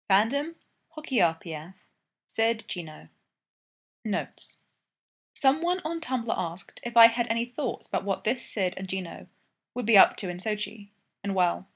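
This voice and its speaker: Woman reading a story aloud. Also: mid-range voice. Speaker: fanfiction reader.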